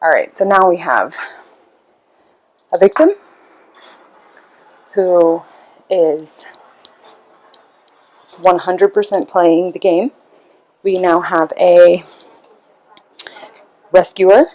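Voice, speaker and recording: A woman's voice: fairly low pitch, extremely slow, pauses often, darkish tone, no echo, rough recording. A woman hosting a podcast, telling a story in a rambling, casual way and acting out the people in it. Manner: rambling, acts out quoted voices. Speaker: podcast host.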